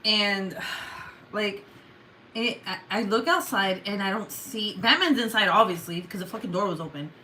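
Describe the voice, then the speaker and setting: A woman's voice: mid-range voice, normal speed, a little hiss or hum. A young adult woman telling a story casually to her viewers, swearing freely and acting out her own outbursts. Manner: swears a lot, animated retelling with loud outbursts. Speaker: vlogger.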